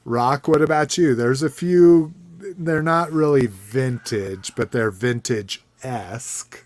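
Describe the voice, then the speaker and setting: A man's voice: mid-range voice, slow pace, darkish tone. A man hosting a casual podcast chat about toy collecting, rambling with fillers and restarts. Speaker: podcast host.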